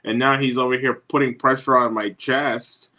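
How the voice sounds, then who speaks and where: A man's voice: mid-range voice, fairly even intonation, moderate pace, pushed and bright, poor audio. A man guesting on a talk show, telling his story bluntly and casually, with some swearing. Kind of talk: casual remote interview.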